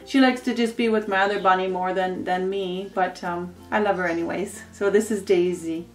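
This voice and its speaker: A woman's voice: medium pitch, steady tone, normal speed, echoey room, soft background music. A woman chatting casually about her pets at home, rambling a little and cooing at the animals. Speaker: pet vlogger. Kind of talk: casual show-and-tell.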